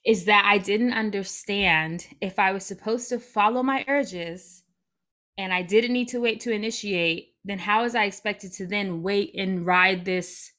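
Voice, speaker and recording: A woman's voice: mid-range voice, measured pace, sharp tone. A young adult woman speaking as a guest in a casual interview, reflective and open, with light laughs as she talks.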